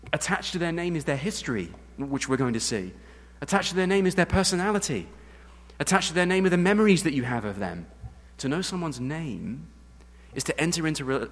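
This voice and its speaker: A man from England, a pastor with an English accent, preaching an earnest sermon that swings between hushed and loud emphasis. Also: mid-range voice. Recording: long hall reverb.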